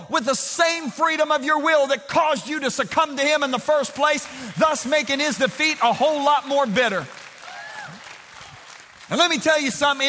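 A man preaching a sermon emphatically, calling on the congregation to answer aloud and swinging between shouts and quiet storytelling. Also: very high-pitched, moderate pace, in a large hall, a faint crowd.

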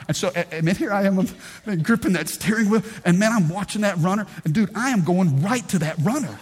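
Animated pastor, a man with a higher voice. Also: a little fast, slightly rough. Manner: animated storytelling, swinging between loud bursts and hushed lines; calls out to the congregation. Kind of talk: sermon. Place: church.

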